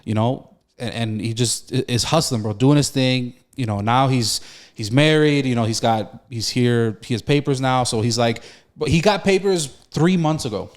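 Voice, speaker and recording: A man's voice: medium pitch, moderate pace, hardly any pauses. A young man co-hosting a podcast, talking casually and emotionally, with restarts and slang. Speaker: podcast co-host. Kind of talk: casual chat.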